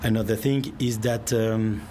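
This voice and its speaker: A man with a French accent talks through his answer slowly, pausing to find his English words. His voice sits a little low. A clear layer of background noise runs under the recording. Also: steady tone. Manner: thoughtful, searching for words. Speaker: winemaker and CEO. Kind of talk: interview answer.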